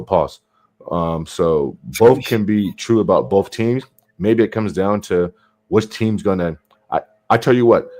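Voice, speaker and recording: A man's voice: low voice, darkish tone. A man co-hosting a basketball podcast, easygoing and calling the others bro as he makes his case. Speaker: podcast co-host. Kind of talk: casual sports chat.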